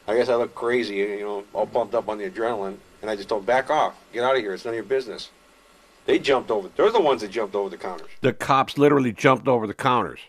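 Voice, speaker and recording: In an interview, a man with a voice on the low side casually tells his own story. He rambles, using fillers and restarting sentences, and grows animated when describing action.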